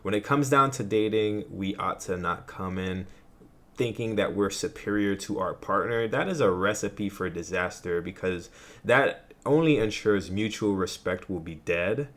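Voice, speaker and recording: A man hosting a vlog, giving his opinions in relaxed, conversational commentary. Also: fairly low pitch, measured pace. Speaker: vlog host. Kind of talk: casual commentary.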